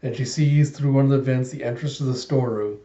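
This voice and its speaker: A man's voice: medium pitch, fairly quick, warm tone. A man casually recapping a manga chapter in a chatty way, retelling scenes line by line, recorded in an echoey room with dull sound. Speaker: manga reviewer.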